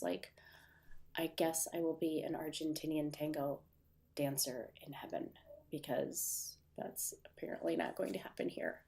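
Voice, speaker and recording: Her voice sits lowish and a little mellow, with a Midwestern American accent made nasal by a stuffy, runny nose. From her desk at home, she hosts a livestream and chats casually with viewers, wandering off track and leaning on fillers.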